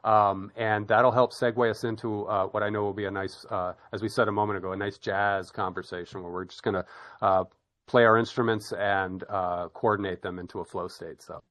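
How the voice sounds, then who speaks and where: An American man opens and hosts a podcast interview in a low, unhurried voice. He rambles a little and leans on fillers as he talks. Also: fairly even intonation, a bit bright, no echo. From United States. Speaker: podcast host.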